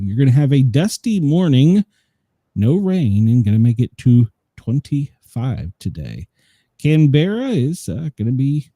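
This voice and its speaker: A man's voice: mid-range voice, warm tone, breathy edge, dry recording. A man, co-hosting a daily news show, reading headlines and the weather in a loose, chatty way and often trailing off with "so". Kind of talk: casual news and weather chat.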